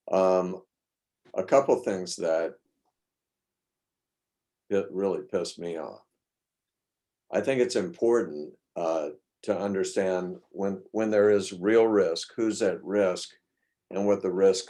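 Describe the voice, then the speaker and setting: A man gives an informal talk in a low, mellow voice. He is blunt and opinionated, pressing his points hard, and he often trips over and restarts his sentences. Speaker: speaker at a talk. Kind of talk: informal lecture.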